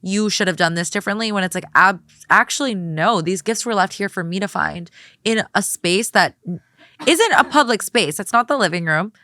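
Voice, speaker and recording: A woman's voice: medium pitch, lively intonation, moderate pace, pushed and bright, no room sound, clean studio sound. A woman co-hosting a podcast, blunt and sarcastic, swearing freely. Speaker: guest co-host. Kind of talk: casual podcast chat.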